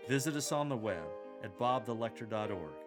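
A man coaching church lectors, explaining and demonstrating how to read a scripture passage in a measured, explanatory way. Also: lowish voice, animated, over music. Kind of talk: instructional coaching on scripture reading.

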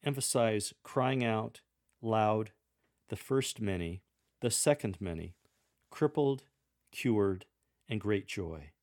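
A man hosting a podcast lesson, coaching scripture readers in a gentle, measured way with the odd dry joke. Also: lowish voice, dry recording.

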